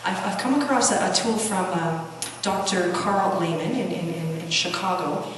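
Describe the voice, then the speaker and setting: A woman counselor speaks at a conference in a loose, conversational way, full of restarts and little acted-out quotes. She is heard from a distance in a large hall with a long, booming reverb and a faint hiss in the background. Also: moderate pace. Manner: conversational, many restarts and fillers, acts out quoted dialogue. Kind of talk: conference talk with personal stories.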